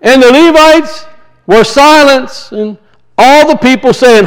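A man's voice: extremely high pitch, expressive, takes it slowly, rough recording. A man preaching a sermon, telling folksy stories and reading scripture with rising emphasis. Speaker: pastor.

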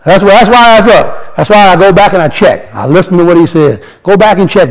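A man giving an informal, earnest sermon to a congregation as a lay speaker, reading scripture slowly and putting questions to the listeners. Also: sits high, lively intonation, rough recording. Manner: earnest and exhorting, reads verses slowly, asks the audience questions.

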